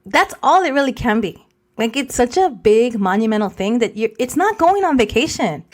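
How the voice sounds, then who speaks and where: A woman in her forties co-hosts a podcast, spinning a story in casual conversation with an animated manner. Her voice runs on the high side at a moderate pace, and she sprinkles Spanish words throughout.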